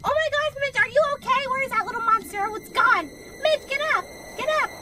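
Young woman doing a squeaky sassy girl pet. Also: brisk, background noise. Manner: valley-girl, sarcastic, lots of 'like'. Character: sassy valley-girl female pet, Becky.

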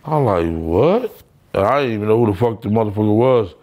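Talking very fast in a lowish voice, heard through dull audio, a man tells profane, blunt street stories as a guest in a casual interview, acting out the voices of the people he quotes.

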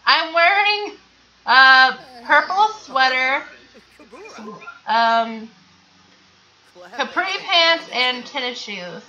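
A woman's voice: high-pitched, animated, extremely slow, pauses often, pushed and bright, far from the mic, dull audio, exaggerated voice. A woman voicing a playful, mocking woman in a life-sim game, trading teasing insults.

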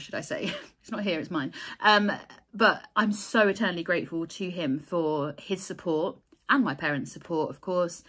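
Chatty, heartfelt woman, low-pitched. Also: breathy edge. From England. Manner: chatty and heartfelt, with frequent restarts and soft laughs. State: tired. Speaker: crochet designer and vlogger. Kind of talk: casual chat to camera.

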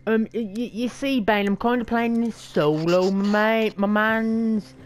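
A woman's voice: on the high side, fairly even intonation, a little slow. A woman with an Australian accent giving casual, profane, rambling commentary while streaming a game. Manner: profane, rambling, slangy banter.

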